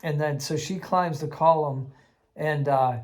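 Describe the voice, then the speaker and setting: A man casually recounting a tabletop game he ran for kids, animated and laughing, acting out the voices he quotes. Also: on the high side, unhurried. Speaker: game master teaching kids. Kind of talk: casual anecdote storytelling.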